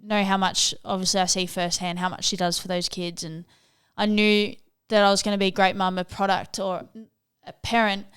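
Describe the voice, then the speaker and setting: A woman's voice: medium pitch, flat delivery, moderate pace, few pauses, fairly bright tone, clear, resonant tone. A woman who is a new parent, chatting casually and laughing at herself. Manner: laughing, self-mocking. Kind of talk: casual chat.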